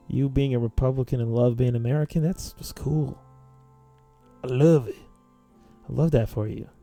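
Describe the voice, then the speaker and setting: A man's voice: medium pitch, creaky, dark tone. A man rambling philosophically in casual chat while playing a video game, full of "like" fillers. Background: faint game music.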